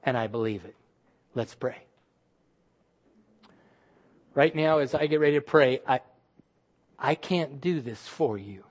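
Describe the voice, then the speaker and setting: A man preaching a sermon as pastor, with emphatic delivery that drops to soft, hushed phrases. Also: on the high side, takes it slowly, pauses often.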